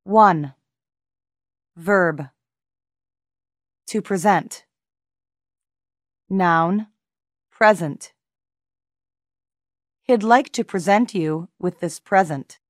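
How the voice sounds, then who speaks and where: A woman reads a language lesson aloud at a very slow, deliberate pace, enunciating every word carefully. Her voice sits a little low, and the recording is close and dry, with no room sound. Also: dry recording. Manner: measured, carefully enunciated, pausing between words. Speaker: language teacher reading examples.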